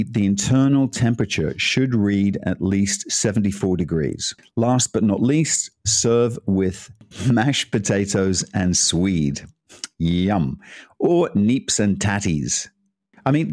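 A man's voice: fairly low pitch, a little mellow, no echo, studio quality. A man giving a casual, chatty cooking talk, rambling into asides and laughing as he goes. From Scotland. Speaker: cooking presenter.

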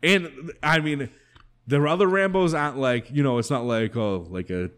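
A man's voice: medium pitch, moderate pace, fairly bright tone. A young man cohosting a podcast, telling rambling, profane movie stories in casual chat and acting out the quotes. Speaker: podcast co-host.

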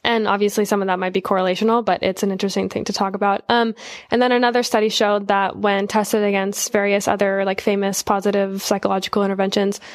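Flat-voiced young woman sharing research. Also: medium pitch, fast, no echo, studio quality. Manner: hesitant, many fillers, relaxed. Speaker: podcast guest. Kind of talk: casual informative talk.

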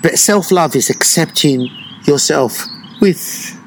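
A man who teaches breathwork retreats, talking slowly and reflectively in an interview, with many pauses and fillers. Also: on the high side, animated, slight background noise, poor audio.

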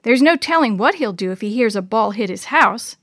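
A woman's voice: fairly high pitch, expressive, a little fast, fairly bright tone, no echo, studio quality. A woman voicing an earnest, worried young schoolgirl in a children's storybook reading. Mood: warning.

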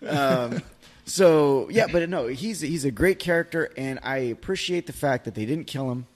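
A man's voice: mid-range voice, animated, moderate pace. A man co-hosting a casual TV recap chat, swearing, laughing often and trailing off mid-sentence. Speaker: podcast co-host.

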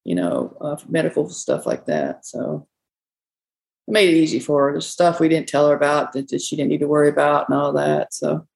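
Bar owner, woman, gravelly voice, loose folksy storyteller. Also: sits low, a little fast, darkish tone, low-quality recording. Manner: rambling, folksy, quotes people often. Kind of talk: casual storytelling interview.

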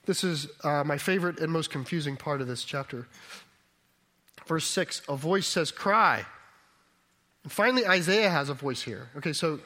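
A man's voice: a little high, normal speed, pushed and bright. A man preaching a sermon as pastor, thoughtful and reflective, sometimes rising to emphatic declarations.

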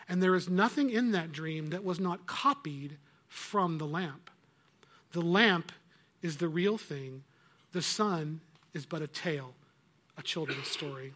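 A scheming witch queen speaks softly and slowly, luring her listeners in with calm, grave questions, as a man puts her on. The voice is raised a little above a man's usual pitch, with a gentle, coaxing storybook menace. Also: exaggerated voice. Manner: soft, coaxing, slow and grave.

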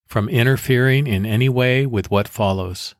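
A man hosting a devotional podcast, giving measured, deliberate instructions for prayer and guided meditation. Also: mid-range voice, no echo, studio quality.

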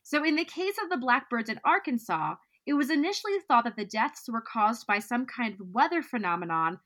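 A woman's voice: a little high, fairly bright tone. A woman co-hosting a podcast, reading out facts with playful asides in a casual chat. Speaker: podcast co-host.

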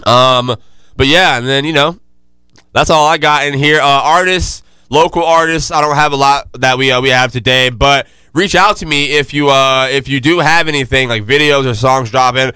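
A man's voice: medium pitch, moderate pace, bright, forceful tone, clean tone, no room sound, studio quality. A man hosting a casual podcast, talking loosely with lots of slang and fillers. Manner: laid-back, loose slangy delivery with many fillers. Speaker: podcast host.

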